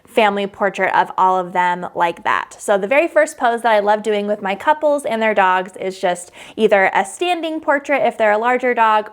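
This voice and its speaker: A woman wedding photographer giving a casual tutorial to camera, chatty and upbeat, with frequent "um" and "like". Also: mid-range voice.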